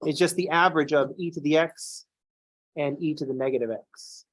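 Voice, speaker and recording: A man teaching a calculus class who lectures in an animated, playfully ranting way. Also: on the high side, moderate pace. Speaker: calculus instructor.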